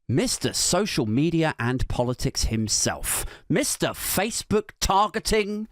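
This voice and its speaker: A man's voice: fairly high pitch, big pitch swings, measured pace, hardly any pauses, no room sound, studio quality. A man giving a sardonic, sweary comedic political rant, mocking and sarcastic. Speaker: comedian host.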